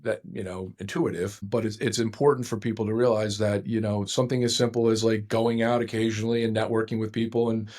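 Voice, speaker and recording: A man's voice: on the low side, steady tone, fast, hardly any pauses, a little mellow. A middle-aged man, a divorce attorney guest on a podcast, talking at length in a rambling, self-correcting way. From United States. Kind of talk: conversational podcast interview.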